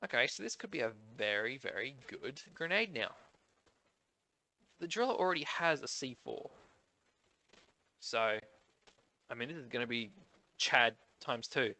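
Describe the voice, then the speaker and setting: Nasal Australian man, bright voice. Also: medium pitch, very animated, measured pace, long pauses. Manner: chatty, rambling, thinks aloud. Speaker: gaming YouTuber. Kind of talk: casual commentary on update notes.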